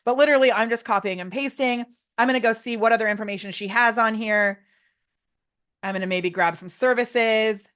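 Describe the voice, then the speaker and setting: Excited woman presenting a workshop. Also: fairly high pitch, brisk. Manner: excited, loud, laughs often. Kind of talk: live online workshop demo.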